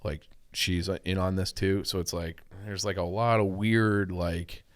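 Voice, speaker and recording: A man with a fairly low voice chats on a podcast, trailing off and restarting with lots of "like" and "uh." His talk is loose and profane. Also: fairly even intonation, unhurried. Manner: rambling, profane, filler-heavy. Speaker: podcast co-host. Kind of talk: casual chat.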